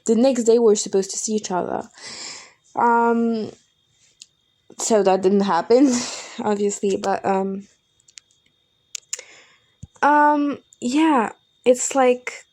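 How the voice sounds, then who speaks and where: A woman's voice: on the high side, slow, long pauses, mellow. A young woman hosting a podcast, telling a personal breakup story in a candid, exasperated way and swearing freely. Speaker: podcast host.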